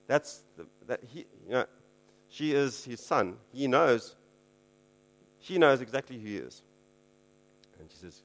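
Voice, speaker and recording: Guy preaching casually, chatty sermon, keeps saying okay, mid-pitch voice. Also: animated, measured pace, long pauses. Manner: conversational, frequent "okay", chuckling asides.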